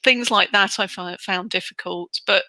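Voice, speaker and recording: A middle-aged woman from the United Kingdom talks in a chatty, animated way as an interview guest. Her voice is bright and lively. The sound is dry and close, with little room in it. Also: medium pitch, moderate pace, dry recording. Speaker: interview guest, relocation trainer. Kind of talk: casual interview chat.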